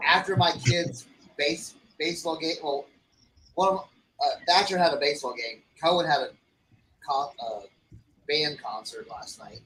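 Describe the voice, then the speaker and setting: A man's voice: a little high, moderate pace, a bit bright, slight background noise, low-quality recording. A middle-aged man casually recounting a story on a podcast, rambling with lots of fillers and restarts. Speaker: podcast co-host.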